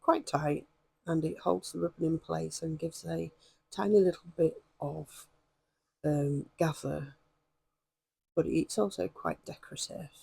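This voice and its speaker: A woman with a hoarse voice, chatting and rambling with many ums as she demonstrates stitching in a craft vlog. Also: sits low, steady tone, a little slow, pauses often, warm tone, no echo. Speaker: craft vlogger.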